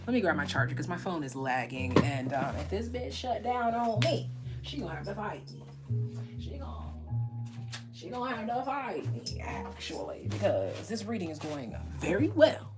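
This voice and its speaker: A woman's voice: fairly low pitch, sing-song, normal speed, music in the background. A woman doing a casual live tarot reading, chatty and rambling, swearing freely and laughing at her own jokes. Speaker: tarot reader.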